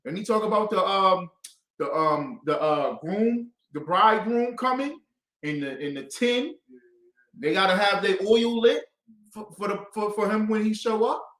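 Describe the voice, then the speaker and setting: A man's voice: high-pitched, expressive, a little slow, fairly bright tone. A man leading a call-and-response Bible class, quizzing his students with emphatic questions. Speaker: class teacher. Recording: echoey room.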